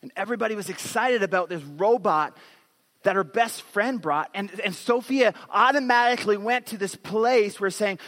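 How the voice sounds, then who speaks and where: Male pastor, 30s, animated storyteller, sharp bright tone, long hall reverb. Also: high voice, normal speed. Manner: animated storytelling, acts out quotes. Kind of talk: sermon.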